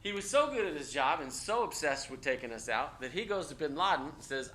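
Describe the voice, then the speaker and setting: A man's voice: a little high, brisk, few pauses. A man teaching a college class, talking casually and energetically, checking in often with "okay?". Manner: energetic, conversational, frequent "okay?" check-ins. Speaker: college instructor. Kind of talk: classroom lecture. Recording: echoey classroom with faint noise.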